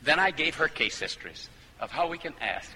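A man's voice: fairly high pitch, animated, fairly quick, sharp tone. A man preaching a fervent sermon that builds to emphatic peaks. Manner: fervent, rising to emphatic climaxes. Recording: hall reverb with faint noise.

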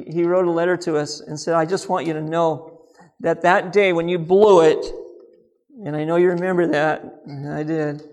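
A man with a somewhat high-pitched voice gives a relaxed, conversational sermon. He is middle-aged and earnest, mixing scripture with folksy personal storytelling and quiet asides. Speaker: speaker on Christian living.

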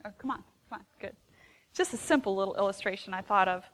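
A woman counselor giving a live seminar to an audience, conversational and expressive. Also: mid-range voice, fast, rough recording. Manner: expressive, acts out quoted phrases; conversational with small restarts.

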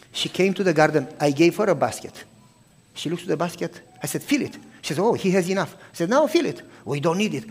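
A man preaching by telling a story, acting out each person's lines and dropping to a hush for tender moments. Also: on the high side, fast. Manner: animated storytelling, acting out both sides of the talk; drops to a hushed, soft voice for tender moments. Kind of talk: sermon storytelling.

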